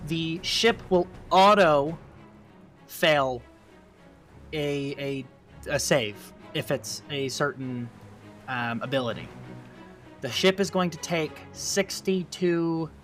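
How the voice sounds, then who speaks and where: A man's voice: on the high side, fairly bright tone. A man narrating a tabletop role-playing game as game master, casual, with fillers and sound effects.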